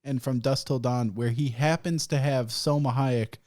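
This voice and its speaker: A man hosting a podcast, telling stories in casual chat, animated, swearing and laughing often. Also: medium pitch, normal speed. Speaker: podcast host.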